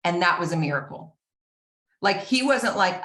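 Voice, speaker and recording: A woman shares a personal story with earnest feeling and acts out small bits of dialogue. Her voice sits low for a woman. The room around her sounds echoey. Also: animated, normal speed, a bit bright.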